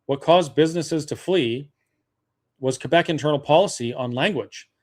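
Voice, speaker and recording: A man's voice: a little high, normal speed, darkish tone. A man from Alberta hosting a webinar, arguing a political case point by point with frequent fillers and restarts. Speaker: webinar host. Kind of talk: persuasive political talk.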